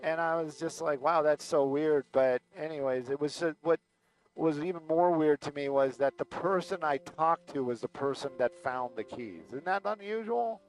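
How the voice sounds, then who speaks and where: A man's voice: on the high side, moderate pace, faint music behind, rough recording. A man hosting a live aerial stream, telling a casual, rambling story full of fillers and acted-out quotes. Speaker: aerial news pilot and livestream host.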